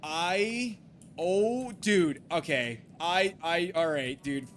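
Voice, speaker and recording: A man with a fairly high voice chats on a late-night game stream, thinking out loud in loose, restarting sentences. When things go wrong he swears and begs in a flustered rush. A faint hiss sits under his voice. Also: very slow. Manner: rambling, full of fillers and restarts. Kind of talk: casual late-night gaming livestream chat.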